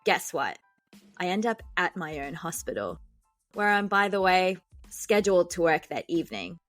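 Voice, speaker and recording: A woman's voice: on the low side, very animated, normal speed, a bit bright, no room sound. A young woman hosting a podcast, telling a dramatic story with jokes at her own expense. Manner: joking, self-deprecating, dramatic. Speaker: podcast host and doctor. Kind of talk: comic storytelling monologue. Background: faint background music.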